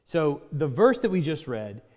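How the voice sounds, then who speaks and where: A man's voice: fairly high pitch, very animated, unhurried, darkish tone, in a large hall. A man preaching a sermon. He reads scripture aloud, then teaches in a loose, conversational way with fillers and self-corrections. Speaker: pastor.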